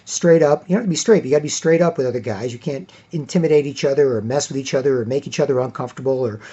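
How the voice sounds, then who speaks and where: A man's voice: medium pitch, racing, mellow, breathy edge, lo-fi sound. A man giving an emphatic, repetitive monologue, acting out quotes as he talks. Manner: emphatic, repeats himself, acts out quotes. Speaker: commentator. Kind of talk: casual monologue.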